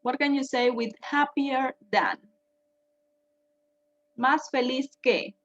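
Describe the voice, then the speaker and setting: A woman's voice: high voice, slow, fairly bright tone, dull audio, a little hiss or hum. A woman teaching English grammar, patiently repeating each point and translating it. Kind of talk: bilingual grammar lesson.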